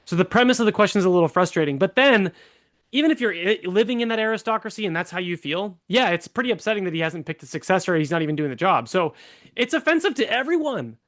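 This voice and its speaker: Man, fairly high voice, political candidate, earnest, long run-on points. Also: lively intonation, fast, a bit bright. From California. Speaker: congressional candidate. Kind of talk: podcast interview.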